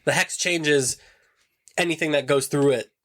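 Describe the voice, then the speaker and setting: A man co-hosting a podcast, casually recapping a TV series in an animated, storytelling way. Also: on the high side, a little slow. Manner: animated storyteller who acts out lines between laughs. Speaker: podcast co-host.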